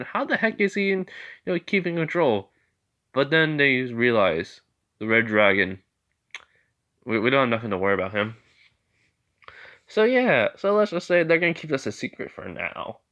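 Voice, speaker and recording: A man's voice: a bit bright, lo-fi sound. A man telling an improvised fan story in a casual, rambling way, full of fillers. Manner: rambling, many fillers, jumps in pitch.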